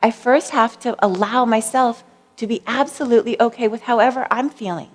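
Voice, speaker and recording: A woman giving a gentle, laughing talk about mindfulness. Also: fairly high pitch, brisk. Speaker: speaker. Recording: long hall reverb.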